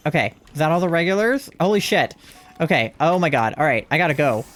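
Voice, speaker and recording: Excitable young man streaming a game. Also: a little high, fairly quick. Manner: excitable, panicky, swears a lot; chatty and rambling when calm. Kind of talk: live game stream commentary.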